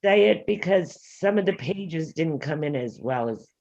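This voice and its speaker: Woman, council president, high gravelly voice, brisk procedural chairing, dull lo-fi audio. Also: lively intonation, a little mellow. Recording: lo-fi meeting audio.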